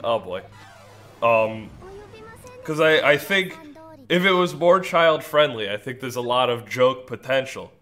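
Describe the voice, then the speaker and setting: A man's voice: mid-range voice, animated, unhurried, pauses often, sharp tone, faint music behind. A young man giving casual gameplay commentary, goofy and rambling, laughing at his own jokes. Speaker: gaming commentator.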